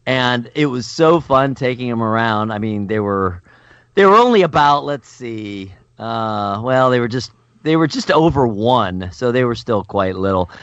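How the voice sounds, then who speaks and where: A man's voice: mid-range voice, a bit bright, dry recording, lo-fi sound. Rambling male podcast co-host. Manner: rambling, halting, with fillers. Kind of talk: casual chat.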